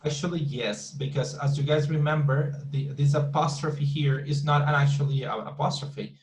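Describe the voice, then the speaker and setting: A man's voice: on the high side, moderate pace, reverberant, a little hiss or hum, poor audio. A male teacher, explaining syllables in an online class, often repeating words and restarting his sentences. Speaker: English teacher.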